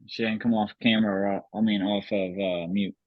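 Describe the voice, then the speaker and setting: A man's voice: on the low side, flat delivery, moderate pace, dry recording, dull audio. A man hosting a podcast, chatting casually and jokingly on a group call, with plenty of filler words. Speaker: podcast host.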